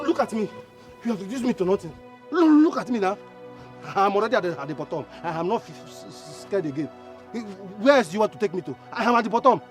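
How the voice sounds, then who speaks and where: A stammering hot-tempered Nigerian brother. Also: male voice, sits high. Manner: stammering, repeats words, challenging. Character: hot-tempered poor younger brother Joseph, stammering and shouting. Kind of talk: Nollywood film drama.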